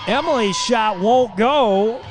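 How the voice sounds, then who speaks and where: A man with a high, lifted voice calls a high school basketball game live on radio, rattling off passes and steals with quick energy. A crowd murmurs and cheers loudly around him in the gym, and balls bounce off the floor behind his call. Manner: rapid, energetic play calling, rising with the action. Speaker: radio play-by-play announcer. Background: crowd noise and bouncing basketballs.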